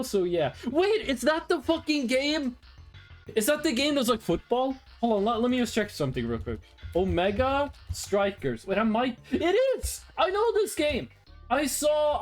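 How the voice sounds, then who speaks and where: Animated, blunt streamer chatting live. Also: mid-range voice. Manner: animated, blunt, swears and laughs often. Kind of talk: casual live-stream chat reacting to chat.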